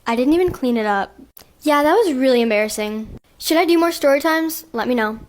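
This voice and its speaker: A woman's voice: high-pitched, expressive, a little fast. Bubbly woman telling a story. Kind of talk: storytime narration.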